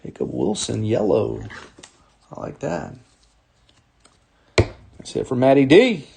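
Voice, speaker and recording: Hosting a sports card break, a man opens packs and calls out each card in quick, upbeat bursts, chatting and chuckling often. His mid-range voice swings hugely in pitch, with vocal fry and a slightly mellow quality, over a little hiss or hum.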